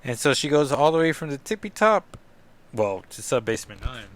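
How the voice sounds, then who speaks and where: A man's voice: medium pitch, big pitch swings, normal speed. A man hosting a casual comic book review podcast, rambling and self-deprecating with lots of asides.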